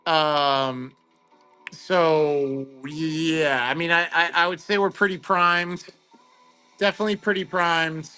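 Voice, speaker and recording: Upbeat male stream host, high bright voice, chatty, faint music behind. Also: slow pace, clear, resonant tone. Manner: excitable, chatty, greets viewers by name. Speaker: host of a card-opening livestream. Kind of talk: casual livestream chat.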